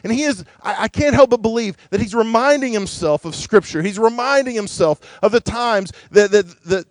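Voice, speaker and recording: Male pastor, higher voice, earnest sermon delivery, dry close recording. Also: moderate pace, dry recording. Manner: earnest, preacherly, drops to a hushed voice on scripture.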